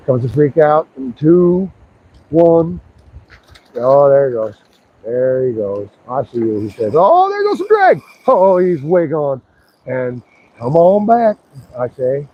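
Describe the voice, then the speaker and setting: A man's voice: fairly high pitch, narrow, tinny audio, slight background noise. A man streaming live while fishing outdoors by a river, talking playfully to the fish as he reels it in. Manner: excited, playful, talks to the fish. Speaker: fishing livestreamer.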